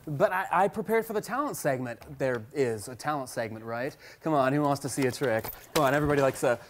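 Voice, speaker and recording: A man's voice: mid-range voice, lively intonation, fast talker. A young adult man hosting a student show, eager and a little hesitant. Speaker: host. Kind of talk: comedy skit and casual host talk.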